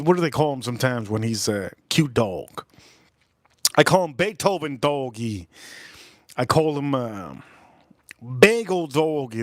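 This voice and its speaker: A young man hosting a livestream, chatting casually and rambling excitedly from one topic to the next. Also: medium pitch, no echo, clean studio sound. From South Florida. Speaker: livestream host.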